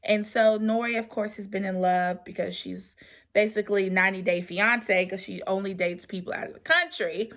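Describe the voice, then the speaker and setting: A young adult woman casually recaps a reality show, chatting away with plenty of fillers and an occasional sigh. Her mid-range voice is a bit bright, with fairly even intonation at normal speed.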